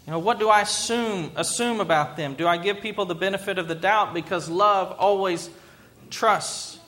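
A man's voice: high voice, moderate pace, pushed and bright. A middle-aged man preaching a sermon, earnest and emphatic, driving points home by repetition. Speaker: pastor.

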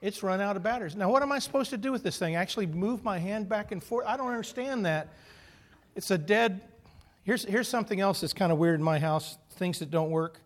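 A middle-aged male pastor preaching with a fairly high voice. He tells stories in an animated way and throws in funny asides. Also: fairly quick. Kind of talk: sermon.

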